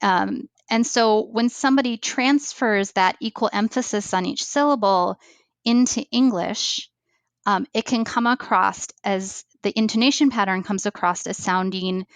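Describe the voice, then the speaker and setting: A woman's voice: medium pitch, unhurried, smooth, dry recording. Woman guest explaining, dry close sound. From United States. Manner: thoughtful, many fillers and restarts. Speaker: ESL training coordinator, guest. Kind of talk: explaining in a podcast interview.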